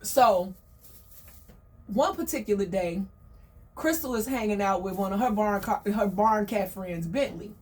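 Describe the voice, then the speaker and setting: A woman telling a story in a chatty, slangy, gossipy way, full of animated asides. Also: medium pitch, unhurried, pauses often, distant mic, a little hiss or hum.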